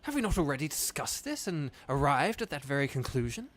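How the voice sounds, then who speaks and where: A man voicing an earnest young fish prince in a video game, speaking in an even, measured way. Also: a little high. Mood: firm.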